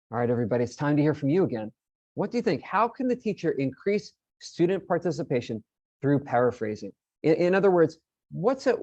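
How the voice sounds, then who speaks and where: A man's voice: fairly high pitch, darkish tone, slightly rough, dry recording, muffled recording. A man presenting an online teacher-training session, explaining in a friendly way and often repeating his words.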